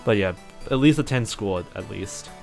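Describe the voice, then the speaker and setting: A man's voice: lowish voice, animated, normal speed, gravelly, darkish tone, faint music behind. A young man with a New Zealand accent and a sore throat, rambling casually with lots of fillers and mock exasperation while streaming a game. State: sore throat and stuffy nose. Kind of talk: casual live-stream chat while gaming.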